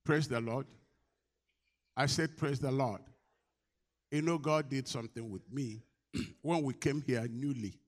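A middle-aged pastor delivers a sermon, guiding his congregation through call-and-response and shifting from quiet, low asides to loud exhortations. He takes his time and pauses often.

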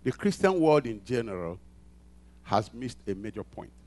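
A man preaches a sermon at a mid-range pitch, calling out questions for the congregation to finish. He repeats key phrases and swings from quiet, low passages up to loud, emphatic climaxes. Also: big pitch swings, normal speed. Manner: call-and-response preaching, rising to loud emphatic peaks. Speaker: pastor.

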